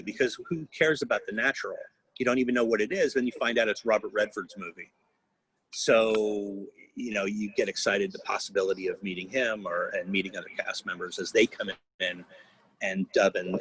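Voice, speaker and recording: A man's voice: on the low side, fairly bright tone, slightly rough, dry recording, poor audio. A man in his fifties, a guest voice actor, telling rambling stories on a video call, restarting often and laughing. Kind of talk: casual anecdotal interview.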